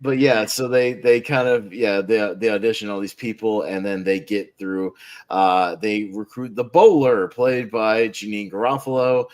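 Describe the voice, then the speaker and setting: A man's voice: fairly low pitch, fairly even intonation, a little slow. A man on a movie podcast, chatting casually and recapping the plot in a rambling way with frequent laughs. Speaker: podcast panelist.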